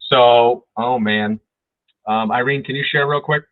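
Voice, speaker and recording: This man's voice sits at medium pitch, steady and measured, without echo. Over a video call he teaches a real estate agent training webinar, speaking with emphasis and often tossing in "right?". The sound is thin and phone-like, with a dry quality.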